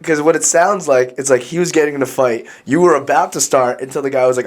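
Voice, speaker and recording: A man co-hosting a podcast who jumps in with quick questions and jokes in casual chat. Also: mid-range voice. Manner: quick interjecting questions, joking. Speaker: podcast co-host.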